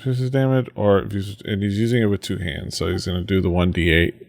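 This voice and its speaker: A man's voice: deep voice, fairly even intonation, quick pace, creaky, a little mellow. A man running a tabletop game as game master, narrating with many hesitations and restarts.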